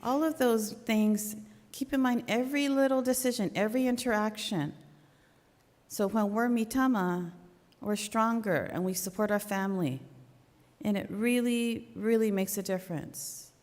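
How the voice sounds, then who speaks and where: A woman's voice: medium pitch, normal speed, a little mellow. A middle-aged woman giving an earnest, conversational faith talk at a church memorial service. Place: church hall. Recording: long hall reverb.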